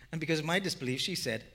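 Man preaching a sermon story. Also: a little high. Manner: self-deprecating, animated storytelling. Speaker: pastor.

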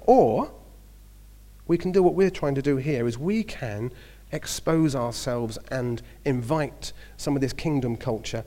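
Cockney preacher in his fifties, mid-pitched, chatty and storytelling, trips over his words. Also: a little mellow. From southeast London. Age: 50s. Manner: chatty storytelling with hesitations and restarts. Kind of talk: sermon.

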